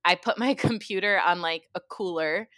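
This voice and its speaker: A woman therapist telling a story in casual chat, animated and full of "like", with some swearing. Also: on the low side, normal speed, no room sound, studio quality. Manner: animated, heavy use of "like", swears.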